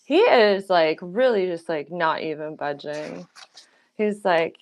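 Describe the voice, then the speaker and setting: A woman's voice: on the low side, unhurried, creaky. A woman hosting a play reading, stepping out of the text to comment in a casual, offhand way with plenty of "like" and "um". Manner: offhand, with fillers like "like" and "um". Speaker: host reading a play aloud.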